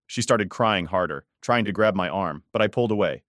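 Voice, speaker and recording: Low-voiced man narrating a story. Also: expressive, a bit bright, no room sound, clean studio sound. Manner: measured, cold and restrained storytelling. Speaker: first-person story narrator. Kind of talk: scripted first-person story narration.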